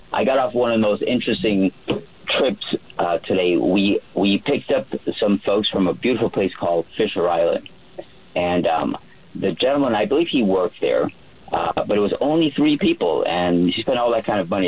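Casting: husky, low male radio guest, easygoing raconteur full of "um"s. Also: low-quality recording. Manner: relaxed storyteller with many fillers and restarts. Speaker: yacht chef. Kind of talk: storytelling on a radio call-in.

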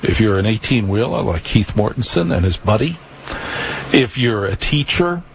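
A man's voice: lowish voice, sing-song, moderate pace, vocal fry, lo-fi sound, slight background noise. A man hosting a late-night radio talk show, rambling wryly through a monologue to listeners. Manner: wry, conversational, repeats phone number.

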